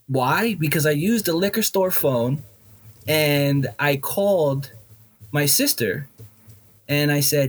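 A man's voice: fairly high pitch, expressive, measured pace. Blunt, profane middle-aged man telling a story. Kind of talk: candid personal storytelling.

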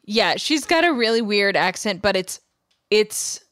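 A woman co-hosts in easy, casual chat, walking through a story in detail and tossing in quick asides. Her voice sits in a middle pitch. The recording is close and dry, with no room sound. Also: animated, fairly bright tone, no room sound. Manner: chatty plot recap with quick asides. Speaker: podcast co-host.

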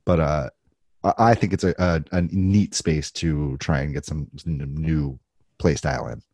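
A man's voice: rumbling low, fairly even intonation, measured pace, a little mellow, no echo, studio quality. A man co-hosting a casual podcast chat about a card game, thoughtful and hedging with fillers. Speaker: podcast co-host.

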